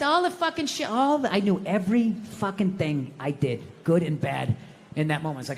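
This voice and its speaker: A middle-aged man doing profane stand-up storytelling, ranting and bursting into shouts. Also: high voice, lively intonation, normal speed, gravelly. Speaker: stand-up comedian. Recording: live hall reverb, faint noise.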